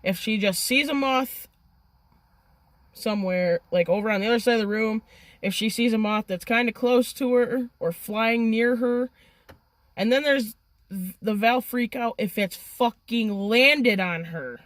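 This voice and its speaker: A woman telling a story in a casual, excitable way, swearing freely. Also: a little high, measured pace, dry recording. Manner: profane and excitable.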